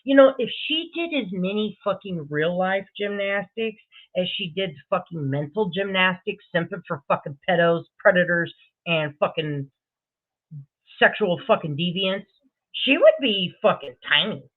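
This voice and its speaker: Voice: mid-range voice, lively intonation, a little slow. Profane livestream host over tinny audio. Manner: profane, greets viewers by name. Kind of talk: casual livestream chat.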